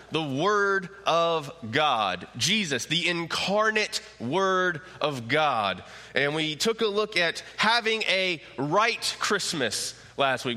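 Pastor guy preaching slow n bright, big echoey church hall. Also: high voice. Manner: emphatic, repetitive preaching cadence. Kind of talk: sermon. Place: church sanctuary.

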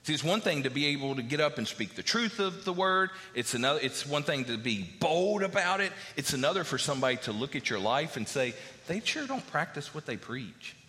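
A man's voice: fairly high pitch, expressive, brisk, few pauses, bright, forceful tone, long reverb tail. A man preaching a sermon as a pastor, talking in a conversational way with fillers and repeated phrases.

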